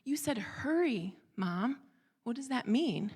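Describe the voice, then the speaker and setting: A woman's voice: on the high side, animated, takes it slowly, a little mellow, husky, heavily acted. A woman voicing her small daughter, a persistent, tenderhearted girl who pleads and repeats herself. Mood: puzzled.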